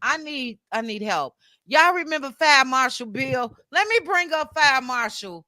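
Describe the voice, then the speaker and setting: Lively high-voiced woman hosting a chat show. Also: unhurried, no room sound, studio quality. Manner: animated, laughs often, exclaims to the chat. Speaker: talk show host. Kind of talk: casual livestream chat.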